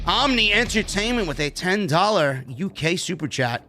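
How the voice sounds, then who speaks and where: A man's voice: high voice, big pitch swings, moderate pace, pushed and bright, faint music behind. Casual profane man reading stream chats. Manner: casual, profane, reads donor messages aloud. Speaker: show host reading super chats. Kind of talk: casual live-stream chat.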